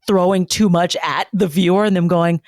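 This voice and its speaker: Woman podcast co-host, lowish voice, candid and long-winded, dry sound. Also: fairly even intonation, moderate pace, darkish tone, no room sound. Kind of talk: casual chat.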